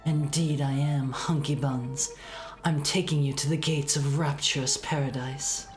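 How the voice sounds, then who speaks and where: A smug, flirty male video game character drawls his lines slowly and suggestively, as a woman reads him aloud. The voice sits low, with faint game music behind it. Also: fairly even intonation, darkish tone, echoey room. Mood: flirtatious.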